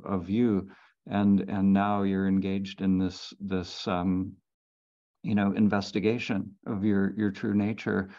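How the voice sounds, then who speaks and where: A man, a meditation teacher, giving halting spiritual guidance over a video call, full of fillers. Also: on the low side, mellow, lo-fi sound. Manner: slow, halting, many fillers.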